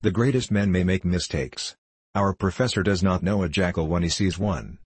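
A man's voice: low-pitched, moderate pace, breathy edge. A man reading the part of a teasing eldest teenage son who mocks his brother. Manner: mocking, retorting.

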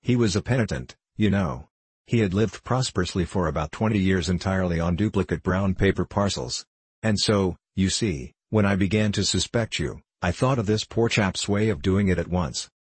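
In an audiobook character reading, a man voices a gentle, vague little priest who explains things slowly and simply with an apologetic air. The voice is low and husky, recorded close and dry with no room sound.

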